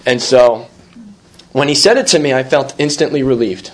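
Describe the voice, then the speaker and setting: A man's voice: mid-range voice, normal speed. A man sharing a rambling personal recovery story, full of fillers, restarts and quoted dialogue. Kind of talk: personal testimony at a recovery meeting.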